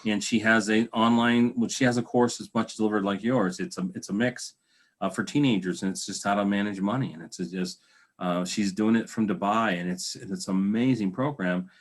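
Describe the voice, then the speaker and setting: A man's voice: on the low side, steady tone, normal speed. A man hosting a podcast interview, chatty and encouraging, talking with fillers and restarts. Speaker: podcast host. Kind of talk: casual interview conversation.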